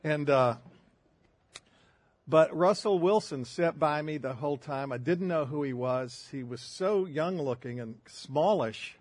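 An older man preaches in a husky, slightly high voice, weaving folksy stories with self-deprecating jokes. The sound is dry and close, with no room around it. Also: measured pace, a little mellow, dry recording. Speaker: pastor. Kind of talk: sermon.

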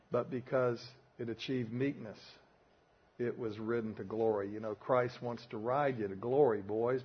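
A man's voice: medium pitch, husky. An older man with a Southern US accent teaching a men's Bible study, preaching with emphatic, folksy storytelling. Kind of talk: sermon. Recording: dull lo-fi recording.

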